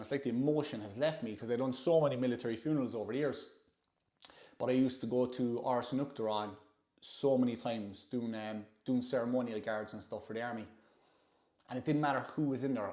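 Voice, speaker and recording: An Irish man telling stories in relaxed, chatty conversation, at a middling pitch. The room gives his voice a roomy echo. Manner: chatty, anecdotal. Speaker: host, former soldier. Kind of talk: casual chat.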